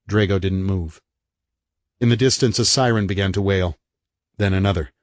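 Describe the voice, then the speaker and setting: A man with a very low voice narrates a horror audiobook in a dramatic, measured way. The recording is dry and close. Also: no room sound.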